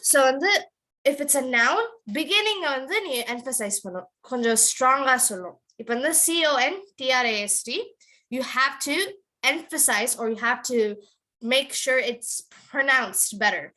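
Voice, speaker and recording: A woman teaching an online accent class to children over a video call. She drills words slowly and with emphasis, switching between English and Tamil. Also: a little high, sharp tone, poor audio.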